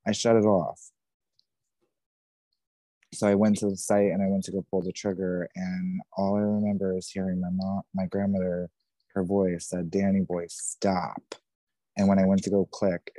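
A man's voice: low-pitched, mellow, no echo. A man in his thirties, a podcast guest, telling a painful personal story in a raw, intense way, swearing often and repeating himself. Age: 30s.

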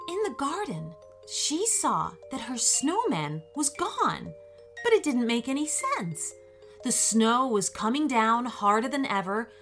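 A woman reads a children's story slowly and soothingly, her fairly high voice rising and falling with lively expression. Soft music plays faintly behind her. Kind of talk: scripted children's story narration.

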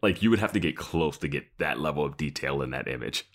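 A man's voice: rumbling low, lively intonation, quick pace. A man co-hosting a podcast, casually reacting to a TV episode with amused, rambling commentary. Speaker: podcast co-host.

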